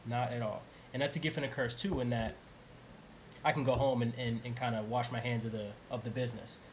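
A man's voice: mid-range voice, steady tone, fairly quick, a little hiss or hum, poor audio. A man, an actor, talking in casual conversation, earnest and reflective, often restarting his phrases.

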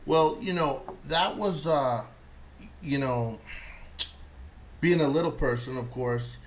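Animated storytelling comedian man. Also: mid-range voice, takes it slowly, rough recording. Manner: animated storyteller, laughs through his own impressions. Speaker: podcast host. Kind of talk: casual chat.

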